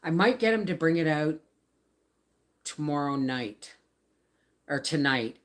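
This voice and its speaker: A woman's voice: low-pitched, animated, a little slow. A woman in her fifties from Canada, chatting casually on a home live stream, rambling and answering viewers' comments. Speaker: homestead vlogger hosting a livestream. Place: home, by the laundry baskets.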